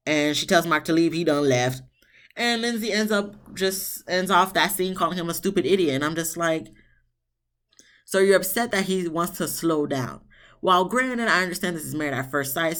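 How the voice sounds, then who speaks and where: A reviewer recapping a reality show episode in a blunt, sassy, casual way, swearing freely and jumping into high, exasperated tones. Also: fairly bright tone. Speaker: TV show reviewer, channel host.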